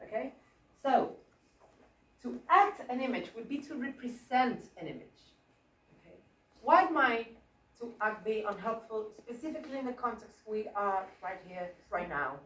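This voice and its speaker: A woman drama teacher runs a workshop with a fairly high voice, prodding the room with questions. She is picked up from a distance, and the hall echoes around her. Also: normal speed. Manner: animated, coaxing, asks the group questions. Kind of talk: interactive teaching. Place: school hall. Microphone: room mic at a distance.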